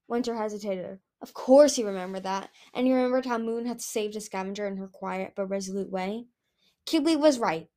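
A woman reading a fantasy novel aloud in a lively, expressive way. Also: medium pitch, fairly quick. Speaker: audiobook reader. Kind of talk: storybook reading.

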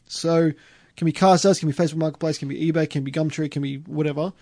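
A man's voice: on the high side, fairly even intonation, fast talker, warm tone, dry recording, clean studio sound. A young Australian man hosting a casual car podcast, joking and reading out listener comments. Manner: laughing, loose and joking, reads out listener comments. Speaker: podcast host. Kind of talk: casual chat.

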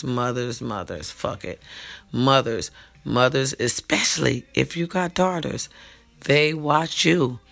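Woman vlogging from home late at night, gravelly voice, keeps repeating herself and talking to y'all. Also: a bass voice, a bit bright. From California. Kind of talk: late-night monologue to followers.

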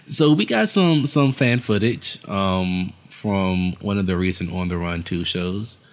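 A man's voice: low voice, animated, takes it slowly. Joking man on a casual chat show. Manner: joking, acts out quoted voices. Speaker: podcast co-host.

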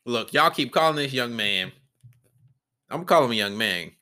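A man's voice: medium pitch, lively intonation, moderate pace, pushed and bright. A man hosting a solo podcast, ranting off the cuff in a blunt, profane and rambling way, often stopping to restart his sentences. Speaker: podcast host. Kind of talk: unscripted solo podcast rant.

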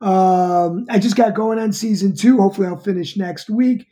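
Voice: medium pitch, normal speed, warm tone. A middle-aged TV show reviewer talking casually, rambling, with many fillers and restarts.

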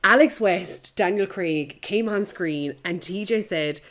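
Sweary, lively woman hosting a podcast. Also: mid-range voice, a little slow. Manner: lively, sweary, laughs at her own jokes. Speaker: podcast host. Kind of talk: casual movie chat.

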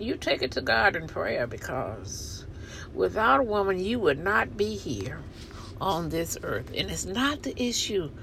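A woman's voice: fairly low pitch, creaky, a bit bright, low-quality recording. A middle-aged woman, a minister, delivering an indignant, emphatic monologue about being mistreated, recorded outdoors near traffic. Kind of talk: personal complaint monologue.

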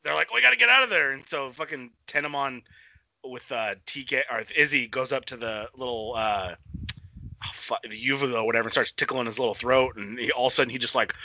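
Excitable, foul-mouthed young man, bright tone. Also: medium pitch. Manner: excitable, swears constantly, bursts into loud shouted quotes. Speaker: podcast co-host. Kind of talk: casual profane chat recapping a cartoon. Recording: dull, slightly lo-fi dry sound.

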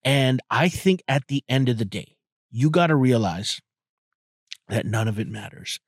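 A man's voice: medium pitch, animated, a little slow, slightly rough, no room sound. Rambling, foul-mouthed man with a dry sound. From outside the US. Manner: rambling, profane, full of fillers. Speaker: podcast host. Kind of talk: casual monologue.

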